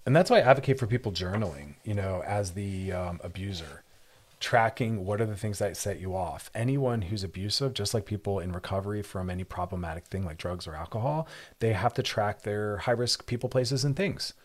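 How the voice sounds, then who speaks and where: Male radio therapist host, low voice, rapid earnest delivery, emphatic repetition. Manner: earnest, emphatic, repeats words for stress. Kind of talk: advice talk show monologue.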